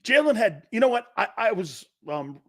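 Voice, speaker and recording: A man's voice: high-pitched, very animated, normal speed, a bit bright. A man hosting a casual live sports talk show who keeps breaking into laughter, jokes around and answers viewer comments by name.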